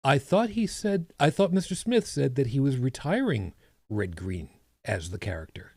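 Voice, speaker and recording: A man's voice: medium pitch, sing-song, moderate pace, creaky, darkish tone, slightly rough, dry recording. A man co-hosting a podcast, chatting casually with a rambling, self-correcting manner and dry humor. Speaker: podcast co-host. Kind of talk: casual chat.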